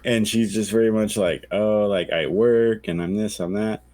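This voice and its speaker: A man's voice: lowish voice, fairly even intonation, moderate pace, darkish tone, dry recording. A man co-hosting a podcast, telling a long story in casual chat, acting out quoted voices and swearing freely. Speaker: podcast co-host.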